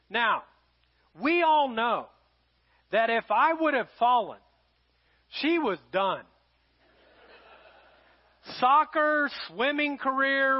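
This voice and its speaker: A middle-aged pastor preaching a sermon, telling a family story and swinging between loud emphasis and hushed, quiet lines. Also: male voice, extremely high pitch. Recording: dull lo-fi sound.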